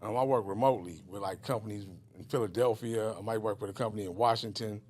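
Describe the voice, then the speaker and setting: A man's voice: on the low side, fairly even intonation, fast, a little mellow, a little hiss or hum. A middle-aged man from Richmond, California, a guest telling his life story in a rambling, casual way with many fillers and restarts.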